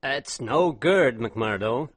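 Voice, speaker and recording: A man doing a stern, slow old man. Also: medium pitch, lively intonation, husky, no room sound, voice pushed up. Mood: grave. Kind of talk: audiobook character voice.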